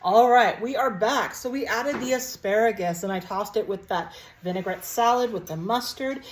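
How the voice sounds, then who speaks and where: A woman's voice: mid-range voice, normal speed, a little hiss or hum. A woman chatting casually to her viewers while cooking and tasting food in a home kitchen. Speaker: cooking vlogger.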